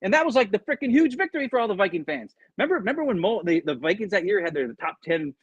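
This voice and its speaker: A man in casual sports chat, retelling what someone told him and jumping between quotes and his own asides. His voice sits a bit high and swings widely in pitch, with a husky edge. He keeps it loose, rambling and now and then swearing. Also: rapid-fire, no room sound, dull audio. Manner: animated storytelling, retelling quotes. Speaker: podcast co-host.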